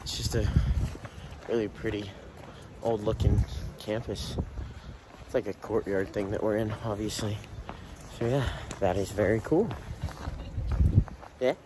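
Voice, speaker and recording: A man's voice: fairly low pitch, measured pace, pauses often. A young man chatting casually in a travel vlog, upbeat and easygoing, walking outdoors with a handheld camera. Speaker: travel vlogger. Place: outdoors in a town. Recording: loud outdoor street noise.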